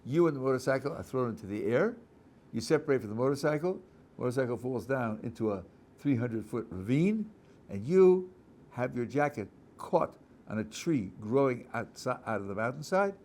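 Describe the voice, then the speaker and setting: Animated rabbi lecturing with lively pitch. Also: male voice, moderate pace. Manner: animated storyteller, acting out scenes, with frequent restarts. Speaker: rabbi teaching a class. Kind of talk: Torah lecture with acted-out examples.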